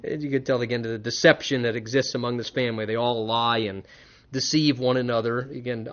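A man preaching a sermon, animated and conversational, mixing scripture reading with wry humorous asides. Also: mid-range voice, fairly quick. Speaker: pastor. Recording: dull lo-fi recording.

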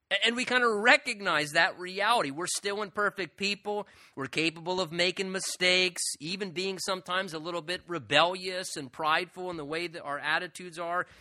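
Brief: male pastor, conversational sermon, high and bright voice. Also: no room sound, clean studio sound. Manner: conversational, earnest, joking asides.

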